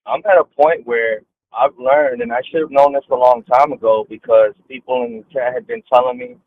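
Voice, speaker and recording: A man's voice: mid-range voice, steady tone, a little fast, no echo. A man calling in to a stream, talking earnestly and with frustration. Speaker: caller. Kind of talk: phone-in talk. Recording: tinny phone line.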